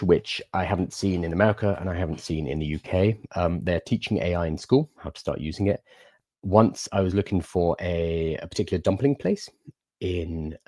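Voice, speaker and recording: A man's voice: low-pitched, warm tone, dry recording, studio quality. A young man hosting a livestream, chatting casually and answering viewer questions in an explanatory way. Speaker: livestream host.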